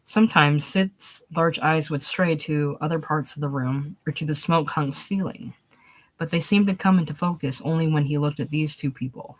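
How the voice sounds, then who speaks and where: A woman narrating a short story aloud, steady, going back to fix small slips. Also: low-pitched, normal speed. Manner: steady reading, restarts after slips. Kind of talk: audiobook reading of a short story.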